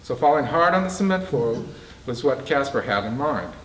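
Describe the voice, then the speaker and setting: A man's voice: mid-range voice, animated, moderate pace, a bit bright. Man reading his novel aloud, roomy and distant. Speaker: author. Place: bookstore. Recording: roomy, distant mic in a bookstore.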